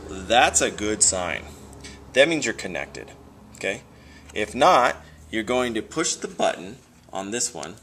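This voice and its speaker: A man's voice: sits low, fairly bright tone, a little hiss or hum. A male teacher giving a casual how-to demonstration, chatting and thinking aloud as he fiddles with cables while holding the camera himself. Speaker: teacher demonstrating classroom tech. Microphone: handheld camera filming himself.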